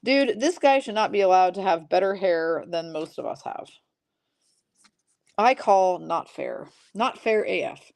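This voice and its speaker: A woman hosting a live-streamed trading card break, briskly calling out each pull and teasing her chat viewers. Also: mid-range voice, animated, gravelly, a little mellow.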